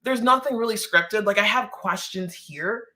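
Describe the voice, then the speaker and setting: A woman's voice: medium pitch, moderate pace, sharp tone. A woman from the Caribbean hosting a casual live-stream Q&A, chatty and full of "like" and laughing asides. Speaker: host.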